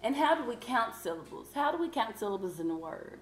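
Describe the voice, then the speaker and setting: A woman's voice: on the high side, sing-song. Woman teacher, classroom lesson, patient and encouraging, roomy echo, faint hum. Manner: patient, encouraging, slow clue reading.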